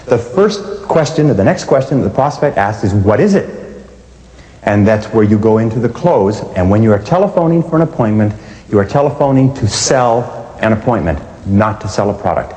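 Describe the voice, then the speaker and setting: Fast-talking man lecturing in an echoey hall. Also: medium pitch, animated, warm tone. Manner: emphatic, acts out phone dialogues. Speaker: sales trainer. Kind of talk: sales training lecture. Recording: echoey hall with long reverb.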